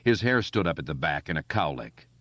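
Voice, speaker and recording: A man narrating an audiobook in a steady, expressive storytelling way. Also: very deep voice, fairly quick, dry recording. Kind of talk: scripted narration. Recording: dull lo-fi dry recording.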